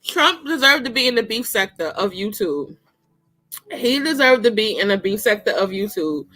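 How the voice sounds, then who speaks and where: A woman's voice: mid-range voice, very animated, moderate pace, fairly bright tone. A woman casually reviewing a political debate on her own show, slangy and exclaiming, often breaking into laughter. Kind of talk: casual commentary.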